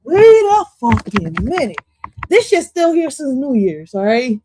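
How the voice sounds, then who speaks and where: A woman hosting a livestream, reacting to an interview clip in loud, profane, jumpy casual commentary that swings between jokes and asides. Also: high-pitched, sing-song, a little slow, background noise.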